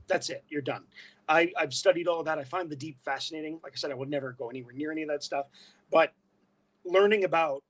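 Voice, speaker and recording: A man's voice: fairly high pitch, quick pace. A man talking as a guest on a casual podcast, telling stories in an emphatic, self-mocking way.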